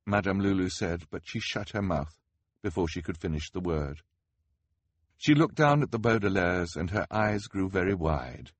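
A man narrating a storybook audiobook in a wry, expressive manner with a husky voice. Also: low voice, moderate pace, dry recording.

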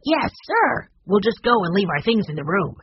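A reader voicing an eager, earnest young boy in an audiobook, in a raised, bright voice. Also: medium pitch, very animated, normal speed, breathy edge, no room sound, dull audio, voice pushed up.

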